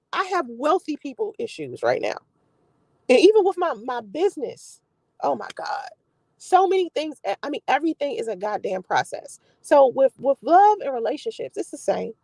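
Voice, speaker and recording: A young adult woman vlogger giving blunt, profane relationship talk in an animated storytelling way. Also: high-pitched, moderate pace, no room sound, poor audio. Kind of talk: casual live-stream talk.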